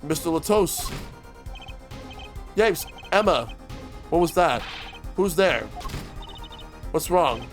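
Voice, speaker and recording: A streamer, a man with a fairly high voice, reads the dialogue of a young lawyer in a visual-novel game. He keeps the delivery plain and earnest, mostly in his own voice. Soft game music plays underneath. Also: expressive, slow pace, pauses often. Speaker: streamer reading a game aloud. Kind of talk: reading game dialogue aloud.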